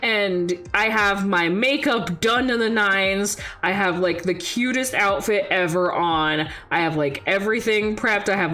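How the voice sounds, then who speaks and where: A young woman streamer chats through a personal story in a lively, expressive way. When she quotes people her voice jumps much higher, and she laughs often. Faint music plays behind her. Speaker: VTuber streamer. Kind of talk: casual storytelling chat.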